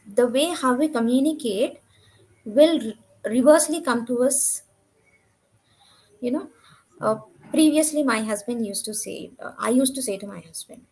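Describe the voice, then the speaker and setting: A woman's voice: high-pitched, a little slow, pauses often, rough recording. A woman giving an earnest, candid testimonial about her own growth. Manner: earnest, candid, self-reflective. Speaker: program participant giving a testimonial. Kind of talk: conversational testimonial.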